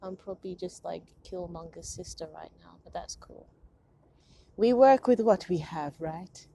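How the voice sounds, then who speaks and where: A woman's voice: on the low side, measured pace, vocal fry, mellow. Young woman vlogging, rambly and self-mocking, lots of laughing, bit of hiss. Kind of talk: casual confessional chat. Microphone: phone or low-end camera.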